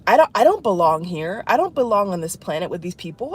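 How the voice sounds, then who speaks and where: A woman talking to her viewers in an emotional spiritual vlog, distraught and tearful, halting and repeating herself. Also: on the low side, very animated, husky. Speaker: vlogger.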